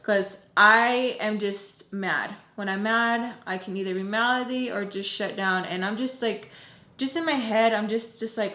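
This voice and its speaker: A woman's voice: medium pitch, unhurried, pushed and bright, reverberant. Blunt, mouthy young woman telling a story. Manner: blunt, mouthy, swears freely. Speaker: storytime vlogger. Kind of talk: casual storytime chat.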